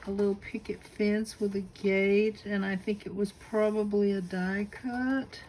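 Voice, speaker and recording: A woman with a Southern US accent showing a crafted notebook to her camera at home, gushing with admiration and slipping into breathy asides. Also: medium pitch, fairly even intonation, a little slow, a little mellow, a little hiss or hum, poor audio. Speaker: craft channel host. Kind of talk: casual unboxing show-and-tell.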